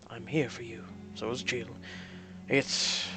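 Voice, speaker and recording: A reader doing a calm, reassuring best friend. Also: medium pitch, slow, music in the background, lightly acted.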